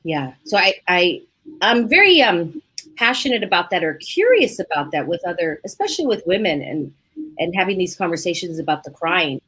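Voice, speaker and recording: A woman hosting a podcast in casual conversation, animated and acting out her own past inner thoughts as she talks. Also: fairly low pitch, normal speed, slightly rough. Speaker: podcast host.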